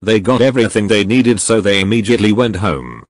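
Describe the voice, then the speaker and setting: A man's voice: fairly low pitch, fairly quick, no room sound. A man narrating a piece of fan fiction in a plain, matter-of-fact reading style.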